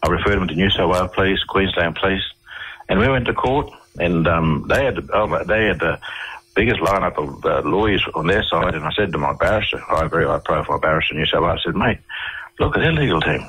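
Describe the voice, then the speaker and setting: A man with an Australian accent, telling a long story as a radio interview guest in a rambling, halting way with many fillers and restarts. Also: deep voice, a bit bright, husky, low-quality recording.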